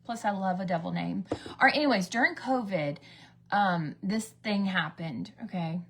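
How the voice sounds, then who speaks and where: A woman's voice: medium pitch, moderate pace, gravelly, a bit bright, a little hiss or hum. A woman in her thirties from the United States, doing a rambling, gossipy get-ready-with-me chat as a beauty vlogger, acting out the voices in her stories. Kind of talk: chatty get-ready-with-me storytelling.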